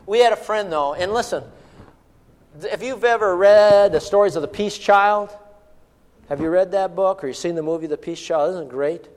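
Speaking at a normal pace, a middle-aged pastor with a high voice gives a forceful sermon punctuated by quiet, hushed moments. His words ring out in the long reverb of a church hall.

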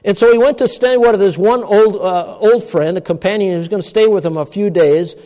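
A man preaching a sermon with emphatic delivery, moving between loud, stressed words and hushed asides. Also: sits high, brisk. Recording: long church-hall reverb.

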